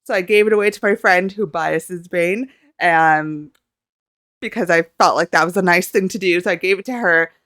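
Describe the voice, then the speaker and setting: A young woman vlogging from home, gushing in a flustered, excitable ramble with plenty of swearing. Her voice sits a little low for a woman, smooth and clear. The sound is close and dry. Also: moderate pace, dry recording. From Canada. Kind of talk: casual reaction vlog storytelling.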